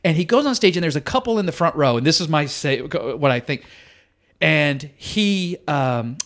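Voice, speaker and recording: Comedian guy on a podcast, kinda high voice, telling a story and doing all the crowd voices. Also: normal speed. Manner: animated, acts out the crowd's voices. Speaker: comedian guest. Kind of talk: casual storytelling chat.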